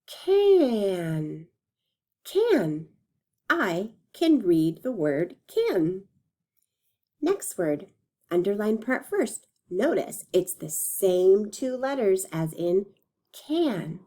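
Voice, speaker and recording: Slow, mellow-voiced woman teaching phonics. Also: mid-range voice, very animated. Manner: slow, drawn-out modeling of words, encouraging. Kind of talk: phonics lesson for young children.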